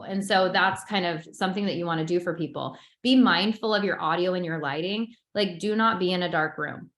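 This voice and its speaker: A woman coaching a webinar on social media, chatty and excitable, who admits she talks fast. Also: lowish voice, roomy sound. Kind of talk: webinar presentation.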